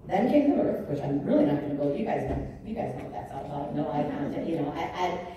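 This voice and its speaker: Lively woman speaker in an echoey hall. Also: sits low, quick pace, dull audio, a little hiss or hum. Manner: candid, animated storytelling, acting out her own past words. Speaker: founder giving a keynote speech. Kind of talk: personal storytelling speech to a live audience. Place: large indoor conference hall. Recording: echoey hall recording from far off.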